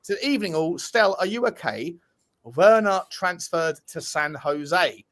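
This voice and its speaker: A man's voice: sits high, lively intonation, unhurried. A man hosting a casual fan podcast, cheerfully reading out and thanking super chat donors. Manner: upbeat, shouting out donors, chatty with restarts. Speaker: host reading super chats.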